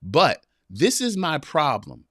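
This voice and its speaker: A man hosting a live podcast, talking straight to his viewers and reading their chat, animated and preachy, repeating his phrases. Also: a little high, takes it slowly, no room sound, clean studio sound. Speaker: podcast host.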